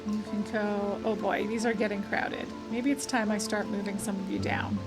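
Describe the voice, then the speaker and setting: A woman's voice: mid-range voice, flat delivery, normal speed. A young woman streaming a puzzle game, chatting and thinking aloud, reading game text aloud and correcting herself as she goes. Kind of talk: game let's play commentary. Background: background game music.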